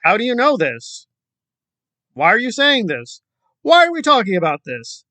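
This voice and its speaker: A man's voice: high-pitched, wildly swooping pitch, moderate pace, sharp tone, no echo. A man delivering a combative, sarcastic commentary rant full of rhetorical questions. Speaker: commentary YouTuber. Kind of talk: ranting commentary vlog.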